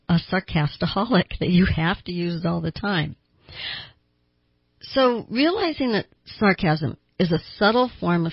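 Older woman, therapist host of an advice show, breathy low voice, earnest and questioning, dry muffled studio sound. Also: dry recording. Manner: earnest, asks listeners direct questions.

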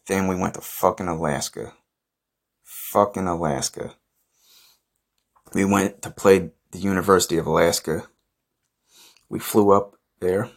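A young man with a very low voice spins a ridiculous boastful story for his podcast. He talks in a loose, rambling deadpan, full of swearing and fillers. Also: a little slow, creaky, long pauses. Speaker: podcast host.

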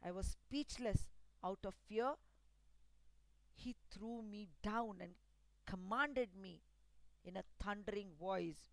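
A woman narrating a spooky first-person story in a deliberate, dramatic storytelling manner. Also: medium pitch, no room sound, poor audio.

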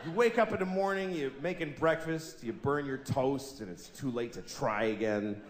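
A man in his forties performing a stand-up comedy routine on stage, deadpan and exasperated, breaking into shouted voices now and then. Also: mid-range voice, normal speed. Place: large theater stage with a live audience. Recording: echoey live hall with audience noise.

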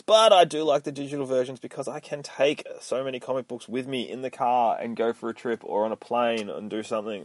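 A man's voice: fairly low pitch, a little mellow, no room sound. A man hosting a podcast, recapping a comic book in a profane, rambling, self-mocking way. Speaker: podcast host.

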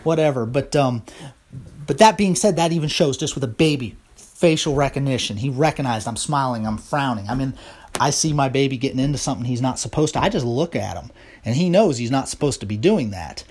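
An American vlogger talks to camera in a medium-pitched, darkish voice with a breathy edge, animated and brisk. He rambles through his opinions in a casual, opinionated monologue.

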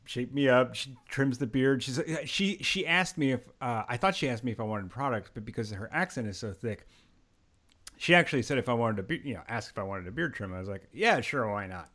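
A man hosting a casual podcast, his voice rising and falling a lot as he rants and jokes. He talks in an animated way and laughs often over a call. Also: medium pitch, brisk. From Pennsylvania. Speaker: podcast host. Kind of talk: casual chat. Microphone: headphones on, video call.

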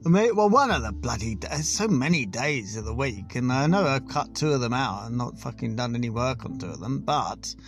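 A man's voice: medium pitch, very animated, brisk, hardly any pauses, faint music behind. A man hosting a casual solo podcast, rambling and swearing and laughing at his own jokes. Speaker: podcast host.

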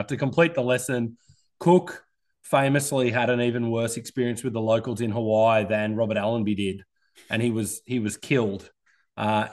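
An Australian man in his thirties hosting a podcast, chatty and self-deprecating. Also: mid-range voice. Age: 30s. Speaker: podcast host. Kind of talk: casual podcast chat.

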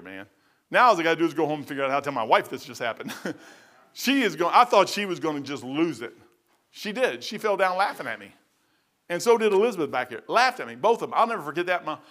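Middle-aged man preaching, fairly high voice, chatty folksy delivery with big swings in pitch and loudness. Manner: casual slang, addresses listeners as man and brother. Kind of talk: sermon.

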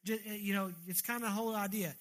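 Bright high-voiced male preacher. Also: fairly even intonation, fast. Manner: earnest, repeats words, restarts phrases. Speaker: pastor. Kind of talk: sermon. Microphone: handheld microphone.

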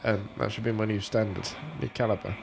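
A man's voice: fairly low pitch, flat delivery, fairly quick, vocal fry, music in the background, rough recording. A man chatting casually as a guest co-commentator, playful and mock-serious. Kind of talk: casual comedic chat.

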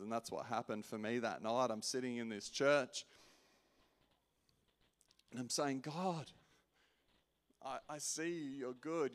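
A man preaching a personal testimony in an earnest way, restarting often and swinging from loud to hushed. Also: medium pitch. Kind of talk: sermon testimony.

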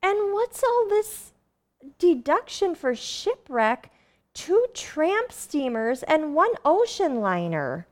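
A woman's voice: high voice, very animated, slow, exaggerated voice. An actress playing a cheerful, kindly young wife and mother in a 1940s radio drama, sweet and friendly.

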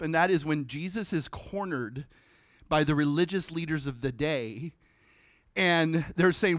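Man, pastor, sermon, conversational, animated, sudden hushed drops, slightly high voice. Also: no echo, clean studio sound.

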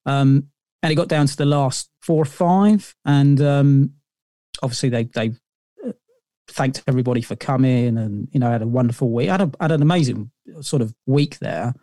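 A man's voice: medium pitch, moderate pace, dark tone, no echo, studio quality. A middle-aged man, a podcast guest telling long stories in a rambling way, full of fillers and restarts. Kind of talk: casual interview storytelling.

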